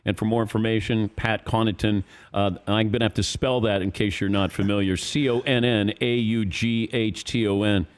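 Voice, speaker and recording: A man hosting a sports radio talk show, asking brisk, joking questions. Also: on the low side, steady tone, clear, resonant tone. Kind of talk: casual radio interview.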